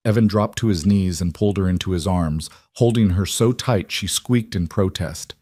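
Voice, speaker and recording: Low-voiced male story narrator. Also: normal speed, mellow, no room sound, studio quality.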